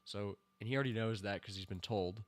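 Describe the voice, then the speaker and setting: A man hosting a casual stream, reviewing a TV season scene by scene, rambling with fillers and breaking into excited cheers and laughter. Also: lowish voice, fast. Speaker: show host reviewing a TV season.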